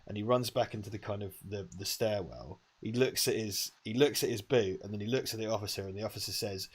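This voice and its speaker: A man's voice: lowish voice, quick pace, few pauses, husky. A man co-hosting a casual watch-party chat, rambling and swearing as he retells scenes with emphasis. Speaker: co-host. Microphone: lavalier.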